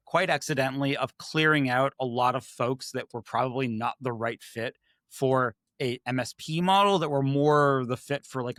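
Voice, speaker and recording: A man, a podcast guest, telling stories in a casual, animated way and acting out his own past remarks. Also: mid-range voice, no echo, clean studio sound. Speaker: podcast guest, IT services manager.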